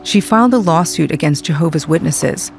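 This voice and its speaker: A woman reading the scripted narration of a documentary in a measured, even way. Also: deep voice, vocal fry. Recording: faint music underneath.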